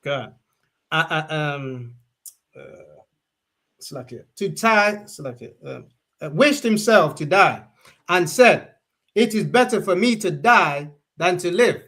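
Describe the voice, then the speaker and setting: A man reads scripture aloud in a Bible study, stumbling over words and filling gaps with ums. He goes slowly, in a fairly high voice. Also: expressive, a bit bright. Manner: halting, stumbling reading with fillers. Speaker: scripture reader.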